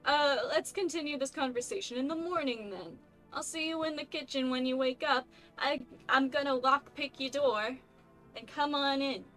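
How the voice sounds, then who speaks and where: A friendly, folksy neighbor man from a video game, played by a woman, in a put-on accent that is almost Boston but not quite. He talks in a loud, chummy way, and the voice sits a little high. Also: normal speed, faint music behind. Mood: reassuring. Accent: vague put-on Boston-like accent. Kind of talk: game voice acting.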